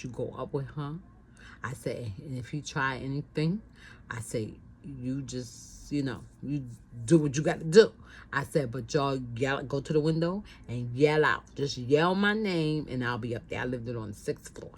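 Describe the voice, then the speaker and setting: A woman's voice: extremely low pitch, slight background noise, rough recording. Middle-aged New woman telling a story. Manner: conversational, repeats herself, acts out quotes. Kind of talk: casual spoken storytelling.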